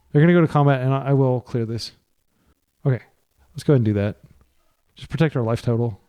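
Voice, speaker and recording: A man's voice: fairly high pitch, dark tone. A man from the United States giving live, chatty commentary on his card game, thinking aloud and correcting himself as he plays. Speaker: gameplay commentator.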